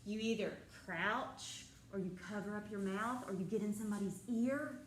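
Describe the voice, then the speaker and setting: At a mid-range pitch and moderate pace, a drama teacher lectures her class, questioning students and restating their answers. The distant recording of the echoey indoor classroom carries a little hiss or hum.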